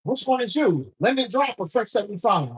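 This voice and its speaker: A man's voice: high-pitched, sing-song, a little fast, slightly rough, rough recording. A man from Delaware, a performing poet, introducing himself on stage and joking easily with the crowd. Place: live venue on stage.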